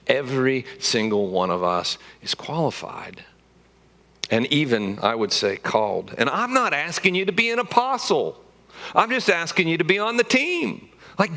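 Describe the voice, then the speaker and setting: A pastor delivers a sermon in a church with a bright, forceful voice. He sits a little high for a man and talks to the congregation in a casual, joking way, then pushes hard on the points he wants to land. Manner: conversational, joking preaching with a rising, emphatic delivery.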